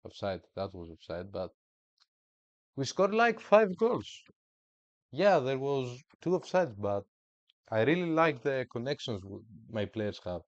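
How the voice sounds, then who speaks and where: A man's voice: mid-range voice, sing-song, normal speed, no room sound, lo-fi sound. A man giving casual, hyped commentary while streaming a football management game, with playful, slangy trash talk. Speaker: gaming streamer.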